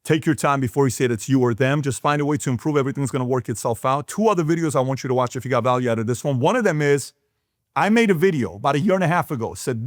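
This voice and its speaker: Rapid-fire and medium-pitched, a male business talk show host speaks emphatically into the camera. Rhetorical questions dominate his speech, and the studio-quality audio has no echo.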